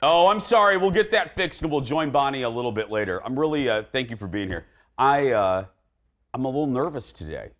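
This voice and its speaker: Lively talk show host. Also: male voice, medium pitch, brisk. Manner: animated, chatty, self-deprecating.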